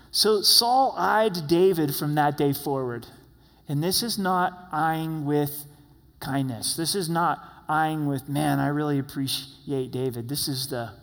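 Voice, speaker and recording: A man with a high voice preaches to his church, lively and animated, slipping into the voices of the people he talks about. His words ring out with a long hall reverb around them. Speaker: pastor. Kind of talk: sermon.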